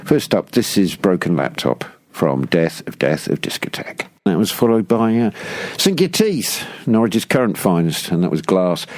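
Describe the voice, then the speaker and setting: A man's voice: low voice, very animated, normal speed, few pauses, darkish tone. A man presenting a radio show, steering the chat easily and announcing tracks. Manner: easygoing, backchannels and announces tracks. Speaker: radio host. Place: radio studio. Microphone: studio microphone.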